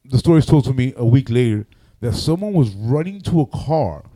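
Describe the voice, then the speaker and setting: Animated, profane man telling stories. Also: mid-range voice, a little fast. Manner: animated, loud, acts out other people's voices, swears often. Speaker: radio personality and MC. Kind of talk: casual storytelling on a podcast.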